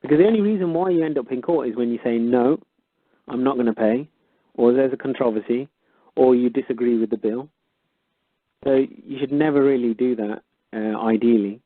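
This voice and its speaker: A man co-hosts a radio talk show, explaining things in a chatty way with invented examples. His pitch is middling. The audio is dry and squeezed like a phone line. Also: a little fast, no echo.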